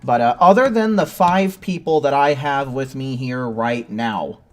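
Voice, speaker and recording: This man has a medium-pitched voice and talks a little slowly. He's live-streaming a video game and chatting casually with his viewers, rambling, swearing freely, and singing silly made-up tunes while he waits.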